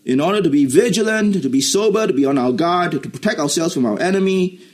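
A man preaching a sermon, explaining Greek words and rising to animated emphasis. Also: a little high, quick pace. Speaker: pastor.

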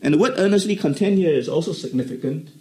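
A man preaching a sermon, explaining Greek words and rising to animated emphasis. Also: fairly high pitch, fast, slight background noise. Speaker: pastor.

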